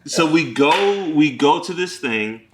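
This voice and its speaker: Animated, laughing storyteller man. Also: on the high side, slow, echoey room, a loud crowd. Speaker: podcast co-host. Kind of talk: casual chat during a watch party.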